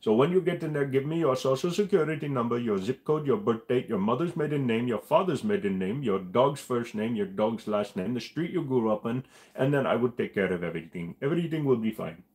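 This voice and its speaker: A man's voice: medium pitch, animated, a little fast, darkish tone, close to an everyday voice. A man voicing a pushy male scam caller, who keeps wheedling and promising that everything is fine. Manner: wheedling, repeats "trust me".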